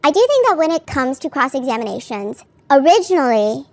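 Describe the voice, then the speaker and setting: A woman's voice: high-pitched, very animated, brisk. A woman podcast host giving casual, chatty commentary on a court case, full of "like" fillers and candid asides.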